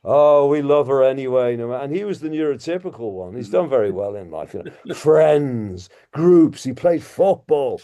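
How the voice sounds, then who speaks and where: A man's voice: medium pitch, big pitch swings, normal speed, few pauses, dark tone. A man from Liverpool with an English accent, doing rambling, self-mocking stand-up over a video call and chuckling as he drifts off topic. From Liverpool, England. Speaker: guest comedian.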